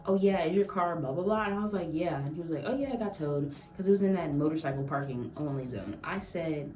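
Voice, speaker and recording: A woman's voice: deep voice, fast talker, a little mellow. A young woman vlogger telling a casual story, acting out quotes and laughing often. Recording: echoey room, mic at a distance.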